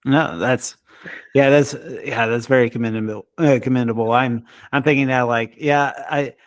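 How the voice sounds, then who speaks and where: A man hosting a podcast in casual chat, speaking in a relaxed, halting way with restarts. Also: mid-range voice, dry recording. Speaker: podcast host.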